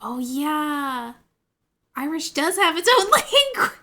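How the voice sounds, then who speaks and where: A woman's voice: sits high, animated, slow, pushed and bright. A woman streaming a game, chatting and giggling with her viewers. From United States. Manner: chatty and giggly, talking to chat. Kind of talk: casual game stream chat.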